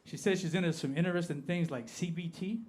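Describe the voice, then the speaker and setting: A man from Appalachia with an American Appalachian accent, performing a stand-up comedy set on a club stage and drawing out his punchlines deadpan. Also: high voice, quick pace. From Appalachia, United States.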